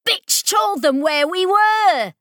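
A woman's voice: on the high side, lively intonation, measured pace, dry recording, studio quality, voice pushed up. A woman doing a furious, swearing woman mechanic. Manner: shouting, swearing, scornful. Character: foul-mouthed furious woman mechanic speaking through speakers.

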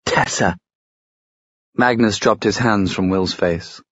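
A man narrating a fantasy novel as an audiobook, in a steady storytelling manner. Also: on the low side, moderate pace, no echo. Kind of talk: scripted narration.

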